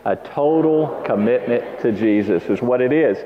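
Pastor preaching in an echoing hall. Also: male voice, medium pitch, normal speed, a little hiss or hum. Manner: animated storytelling, laughs, calls for audience response. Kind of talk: sermon. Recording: muffled sound with long hall reverb.

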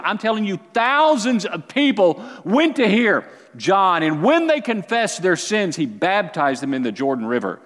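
A man preaching a sermon as a pastor, with animated delivery that climbs to near-shouts and then drops low. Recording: long hall reverb.

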